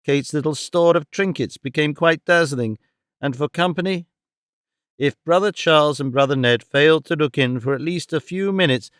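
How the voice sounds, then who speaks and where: A man narrating a classic novel in a measured, expressive reading on a close studio mic. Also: medium pitch, smooth, no echo. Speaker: audiobook narrator.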